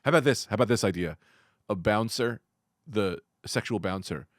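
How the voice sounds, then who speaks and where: A man co-hosting a comedy podcast, animated, bursting into loud goofy outbursts. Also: on the low side, moderate pace, no room sound, studio quality. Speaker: podcast co-host. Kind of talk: casual comedy banter.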